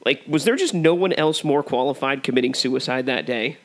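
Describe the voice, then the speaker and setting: A man's voice: medium pitch, fairly quick. Wry young man co-hosting a review. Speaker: co-host of a movie review show. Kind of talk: casual film review chat.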